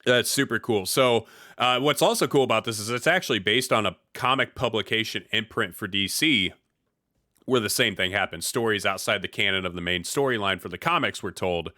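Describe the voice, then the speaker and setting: Bright-voiced low man hosting a podcast. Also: a little fast, no echo, clean studio sound. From US Midwest. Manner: laid-back slang, frequent restarts. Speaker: podcast host. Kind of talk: casual chat.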